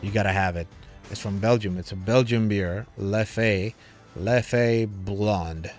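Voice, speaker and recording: A man hosts a crypto livestream, rambling casually and a bit tipsy from drinking, calling his viewers "brother" and "man." His voice is lowish and slow, with faint music behind it.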